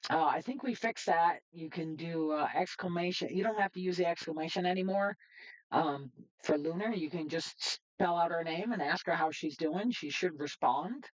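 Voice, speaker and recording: A woman's voice: on the low side, moderate pace, muffled recording. A woman streaming casually, chatting in a rambling way with lots of fillers while she tests her setup. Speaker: streamer and developer. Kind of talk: casual livestream chat.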